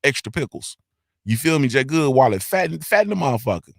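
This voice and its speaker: A male host doing casual livestream shout-outs in a loud, hyped, sing-song roll call full of slang. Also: medium pitch, big pitch swings, brisk, vocal fry, dry recording, clean studio sound.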